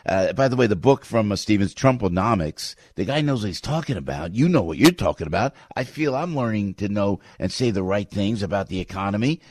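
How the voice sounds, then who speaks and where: A man's voice: fairly low pitch, lively intonation, fairly quick, few pauses, a little mellow, no room sound. A man hosting a talk radio show, taking calls and agreeing with his guests effusively. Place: studio. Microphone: close studio mic. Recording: dry studio sound.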